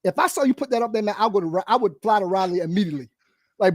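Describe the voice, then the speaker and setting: A man co-hosting a podcast in casual chat, rambling and animated, full of fillers and repeated "bro,". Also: sits high, rapid-fire, no room sound, studio quality. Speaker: podcast co-host.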